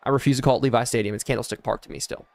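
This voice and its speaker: A man's voice: mid-range voice, racing, gravelly. A man streaming live, calling a football video game play by play, hyping big plays and reading out viewers' chat messages. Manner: hyped play-by-play, chatting with viewers; excited yelling on big plays. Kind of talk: live gameplay commentary.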